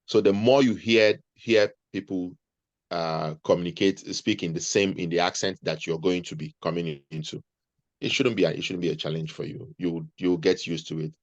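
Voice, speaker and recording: Deep-voiced man giving earnest advice. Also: normal speed, no echo, dull audio. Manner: earnest, advising, repeats himself mid-sentence. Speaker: interview guest, nurse. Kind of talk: conversational interview.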